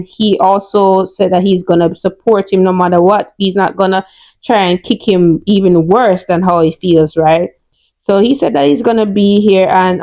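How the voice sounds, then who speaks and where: A woman in her thirties talks through a soap opera episode in a loose, chatty recap. She keeps tossing in "you know" and "right?" and offers her own opinions as she goes. Her voice sits at an ordinary middle pitch for a woman. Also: vocal fry, a little mellow. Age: 30s.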